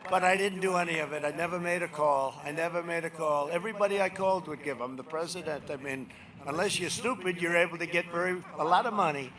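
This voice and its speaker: An older man giving a rambling, boastful campaign speech outdoors, swinging between shouted lines and muttered asides. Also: high voice. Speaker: political speaker at a rally. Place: outdoor airport rally before a large crowd. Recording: rally PA with loud crowd. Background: cheering crowd.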